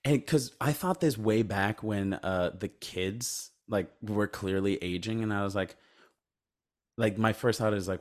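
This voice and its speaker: A man with a fairly low voice, co-hosting a casual movie podcast. He rambles through the plot, swears freely and drops into a low mumble when quoting characters. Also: moderate pace. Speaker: podcast co-host. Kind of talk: casual movie-review chat.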